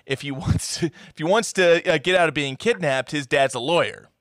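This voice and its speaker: A man's voice: normal speed, dry recording, clean studio sound. A man co-hosting a podcast, chatting casually about a movie and swearing as he does mocking character voices. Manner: animated, swearing, mimics film characters in high shouts. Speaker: podcast co-host. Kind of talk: casual movie-review chat.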